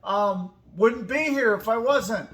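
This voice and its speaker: A woman's voice: on the high side, takes it slowly, a little hiss or hum. A woman in her fifties telling a personal story in a casual, emphatic way, acting out both sides of each exchange. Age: 50s.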